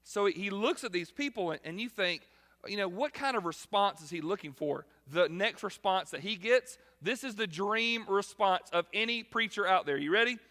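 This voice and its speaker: A man preaching a sermon as pastor, animated and acting out quotes, shifting between loud and quiet. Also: high-pitched, normal speed. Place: large church hall. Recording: long hall reverb.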